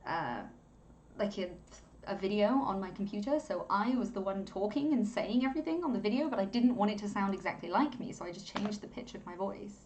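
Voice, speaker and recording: A young woman giving a casual, rambling editing tutorial at home, chatty and quick to laugh. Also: medium pitch, animated, a little mellow, dull audio, a little hiss or hum. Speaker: content creator teaching video editing. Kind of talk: casual screen-recording tutorial.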